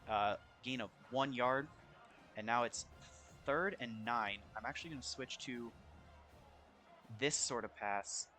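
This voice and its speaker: There's faint music behind this young adult man as he quietly commentates on his football video game at a shared home, mindful of roommates. His mid-range voice is a little slow with frequent pauses, and his casual chatter jumps with excitement when big plays happen.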